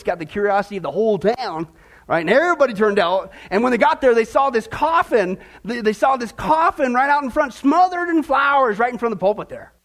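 Guy preaching hard, really high voice, dips low then gets all fired up. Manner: fervent preaching, swinging between low emphatic lines and high excited runs. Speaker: pastor. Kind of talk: sermon.

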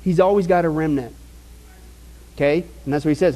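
High-voiced man preaching a sermon. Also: moderate pace, pauses often, poor audio. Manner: asks the audience rhetorical questions and checks in with "okay?"; animated, with sudden jumps in pitch for emphasis. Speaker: pastor. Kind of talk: sermon, Bible teaching.

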